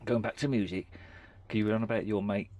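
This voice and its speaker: Low-voiced easygoing English host. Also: male voice, fairly even intonation, quick pace, darkish tone. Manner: easygoing, tag questions, agreeable. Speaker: podcast host. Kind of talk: casual chat.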